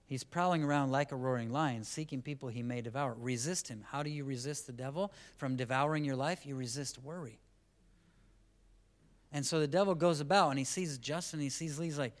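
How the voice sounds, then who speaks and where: A man preaching a sermon as the pastor at a church service, in a conversational style that swings between quiet asides and loud, emphatic lines. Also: mid-range voice, moderate pace.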